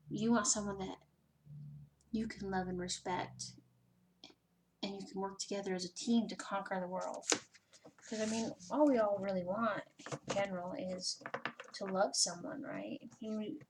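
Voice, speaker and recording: A woman's voice: mid-range voice, noisy background. A woman giving a casual personal tarot reading, chatty and swearing freely, with lots of "you know" fillers. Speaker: tarot reader.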